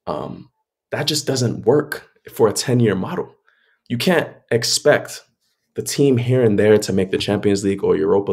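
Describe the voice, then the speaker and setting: Gravelly low-voiced man ranting casually. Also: darkish tone. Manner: frustrated, opinionated fan rant with fillers. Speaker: podcast co-host. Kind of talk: casual sports chat.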